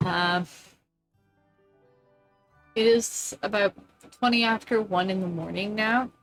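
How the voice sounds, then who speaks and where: A woman's voice: mid-range voice, takes it slowly, fairly bright tone, faint music behind. A woman chatting casually on a live stream, distracted and muttering curses as her tech acts up.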